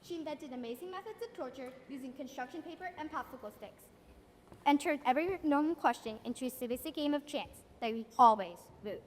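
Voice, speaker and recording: A woman's voice: high-pitched, animated, brisk, slight background noise. Young woman narrating a school play. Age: young adult. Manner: storytelling, wry, addresses the audience as you. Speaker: stage narrator. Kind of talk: scripted stage narration. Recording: echoey auditorium, from a distance.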